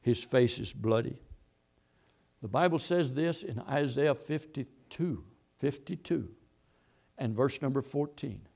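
A man's voice: mid-range voice, lively intonation, slow pace, creaky, darkish tone, husky. A man preaching a sermon, repeating and stressing his points as he quotes scripture. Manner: emphatic, repetitive preaching with Bible quotes.

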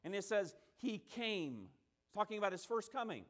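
A man's voice: high-pitched, big pitch swings, normal speed, a bit bright. A man preaching a sermon, emphatic, stacking repeated phrases and acting out the quotes he tells.

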